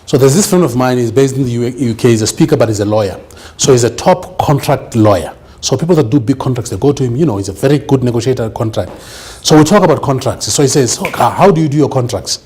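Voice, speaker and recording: A man's voice: mid-range voice, fast talker, mellow, breathy edge. A man giving an emphatic business seminar lecture, often checking that the audience understands. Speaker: business speaker.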